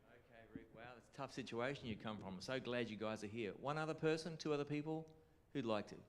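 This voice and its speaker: An Australian man leads a class at a conference, chatting easily and asking the room questions. His voice sits at an ordinary middle pitch. It carries a long, roomy reverb from the hall. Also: fast. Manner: chatty, engages the audience with questions. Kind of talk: informal teaching talk.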